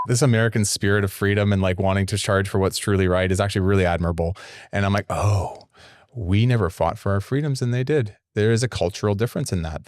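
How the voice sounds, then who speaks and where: A man from Canada hosting a casual interview, talking quickly with laughing, animated asides. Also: lowish voice, dry recording, clean studio sound. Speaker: podcast host.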